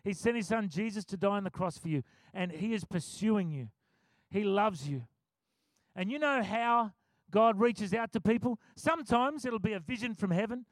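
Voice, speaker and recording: A man preaching a sermon, telling a story with animated acted-out quotes. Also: sits high, moderate pace, dry recording. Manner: animated, acts out quotes, chuckles often.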